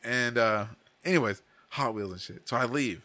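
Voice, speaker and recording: A man's voice: medium pitch, moderate pace, pushed and bright, dry recording. A young adult man casually telling a crude story on a podcast, swearing a lot and laughing through it. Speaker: podcast co-host.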